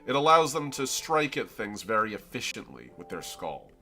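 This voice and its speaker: A man's voice: fairly low pitch, big pitch swings, moderate pace, pushed and bright, faint music behind. A man with a Floridian accent, chatting casually and rambling as he explains his drawing on a live stream. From Florida, United States. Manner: rambling, self-interrupting, explains as he draws.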